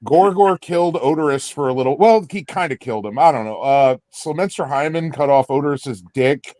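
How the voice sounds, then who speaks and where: A man's voice: on the high side, brisk, no room sound. Man, young adult, from Indiana, casual storyteller, swears freely, dry close sound. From Indiana, USA. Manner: rambling, animated, swears freely. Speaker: podcast co-host.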